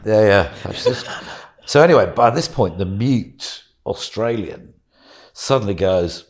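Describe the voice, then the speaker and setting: A man's voice: fairly low pitch, expressive, slow pace. A man telling a casual anecdote as a podcast guest, chatty, laughing often and acting out what others said.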